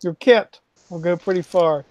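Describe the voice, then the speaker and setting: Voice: medium pitch, normal speed, darkish tone, slight background noise. A speaker on a casual live stream, teasing and amused.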